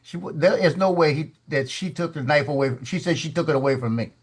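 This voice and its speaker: A man's voice: fairly high pitch, brisk. A man in a casual studio chat, telling a story with restarts and repeated words and acting out the people in it. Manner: animated storyteller, acts out the voices of people in his story.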